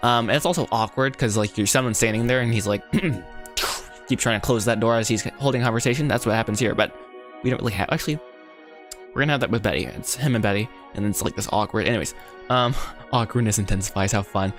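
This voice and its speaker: Low-voiced man rambling on a livestream. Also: quick pace, faint music behind. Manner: rambling, self-deprecating, easily sidetracked. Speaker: animator livestreaming his script rewrite. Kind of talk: casual live-stream thinking aloud.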